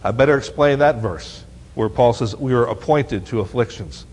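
A man preaching a sermon as pastor, animated and often asking the congregation questions. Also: mid-range voice, normal speed. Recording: long hall reverb.

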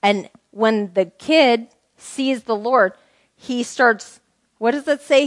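A woman's voice: on the high side, takes it slowly, dry recording. A woman teaching the Bible to a small group in a conversational way, asking them questions and reading scripture aloud.

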